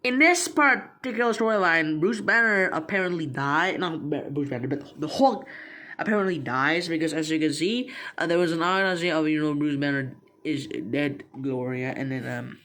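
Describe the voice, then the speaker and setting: A man's voice: a little high, moderate pace, pushed and bright. A young man casually recapping a comic book, rambling with lots of fillers, restarts and slang.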